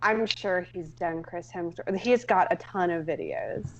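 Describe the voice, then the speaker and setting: Female podcast co-host, mid pitch, rambly casual storyteller, muffled lo-fi mic. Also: unhurried, a crowd in the background. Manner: rambling, filler-heavy storytelling. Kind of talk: casual chat.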